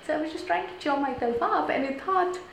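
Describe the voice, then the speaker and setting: A woman's voice: sits high, brisk, gravelly. Whispering giggly woman streaming live. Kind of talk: casual live-stream chat. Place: small tiny room indoors. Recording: echoey small room, faint background noise.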